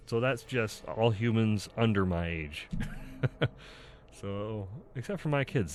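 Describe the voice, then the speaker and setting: In a casual self-recorded video, a YouTuber goes through an online personality test, reading questions out and replying candidly, wandering off on tangents and often laughing at himself. His voice is lowish, with a little hiss or hum in the audio.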